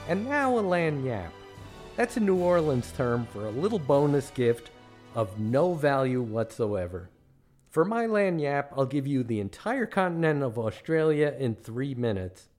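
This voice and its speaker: A man's voice: medium pitch, sing-song, a little slow, darkish tone, faint music behind. A middle-aged man from the United States, a podcast host telling comic travel stories with dry, self-mocking jokes. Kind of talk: comic storytelling narration.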